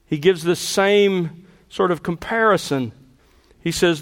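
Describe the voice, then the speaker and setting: A pastor with a high voice delivers a sermon, earnest and emphatic. He slows down to stress key phrases and asks rhetorical questions. His voice rings with long reverb from a large room.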